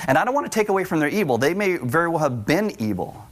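Middle-aged male pastor, conversational sermon with humor, slightly higher voice. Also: very animated, fast talker. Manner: conversational, joking asides to the congregation.

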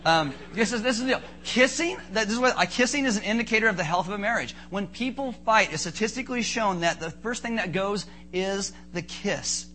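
Male pastor, high bright voice, playful animated preaching with comic asides, light background noise. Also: brisk, few pauses. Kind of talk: sermon.

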